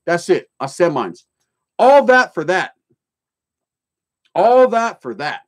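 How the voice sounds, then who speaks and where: A man's voice: high voice, big pitch swings, takes it slowly, pauses often. A middle-aged man, hosting a livestream. He reads chat comments aloud and tells his own stories bluntly, in swearing street slang mixed with Spanish words. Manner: blunt, storytelling, joking then serious. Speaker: livestream host.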